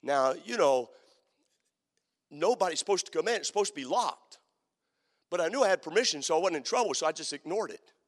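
Male preacher, high animated voice, dramatic sermon storytelling, long hall reverb. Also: brisk, pauses often. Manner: dramatic, swings from loud to hushed.

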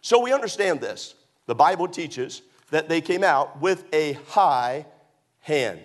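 A man preaching a sermon as a pastor, telling stories with sudden high whoops and shouts. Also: expressive, measured pace. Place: church auditorium.

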